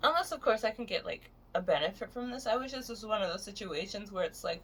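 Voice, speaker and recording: A woman's voice: medium pitch, lively intonation, quick pace, hardly any pauses, slight background noise. A woman in her late twenties ranting frankly and with plenty of swearing in a casual vlog. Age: 20s. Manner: frank, profane, exasperated storytelling. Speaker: vlogger. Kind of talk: casual rant to camera.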